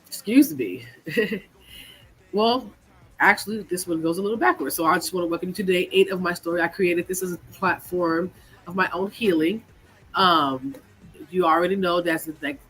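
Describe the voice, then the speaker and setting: A woman from California, stuffy from a cold, hosting her podcast and telling her personal story in a candid, halting way full of fillers. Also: fairly low pitch, fairly bright tone, breathy edge. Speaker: podcast host.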